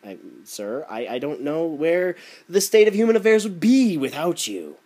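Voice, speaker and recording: A man's voice: fairly high pitch, very animated, normal speed, a little mellow. A man delivering a sarcastic, ranting opinion commentary. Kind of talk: opinion rant video.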